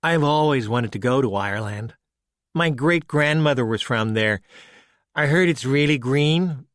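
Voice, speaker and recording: A man's voice: mid-range voice, lively intonation, unhurried, a bit bright, no room sound, studio quality. A man voicing a smug young male motel clerk who talks down with a grin. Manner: condescending, grinning.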